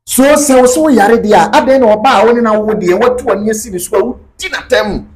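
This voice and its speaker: A man's voice: sits high, a little fast, darkish tone, low-quality recording. A man talking as an interview guest, emphatic and repeating his key points. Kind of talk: casual interview talk mixing Twi and English.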